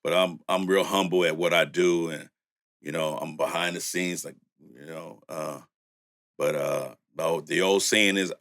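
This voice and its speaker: A man's voice: low voice, steady tone, measured pace, a bit bright. An older man, a music producer, tells stories in a laid-back, casual way, laughing often and saying "you know" a lot. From Louisiana and San Francisco. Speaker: music producer and studio owner. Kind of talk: storytelling in casual conversation.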